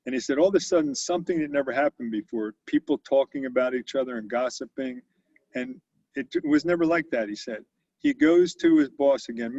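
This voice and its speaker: As a guest in a storytelling interview, an older company founder tells stories and animatedly acts out the quotes. His medium-pitched voice has a darkish tone, and the audio is dull with no room sound.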